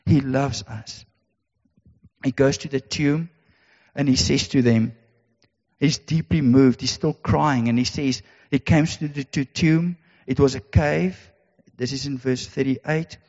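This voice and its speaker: A man's voice: mid-range voice, slow, darkish tone. A man preaching a sermon, earnest and repetitive, with emphatic rhetorical questions. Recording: dull sound in a reverberant hall.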